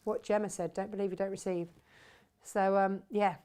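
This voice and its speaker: A woman's voice: medium pitch, little pitch movement, normal speed, warm tone. A middle-aged woman hosting a casual live fabric shop stream, chatting, reading out viewer comments and laughing often.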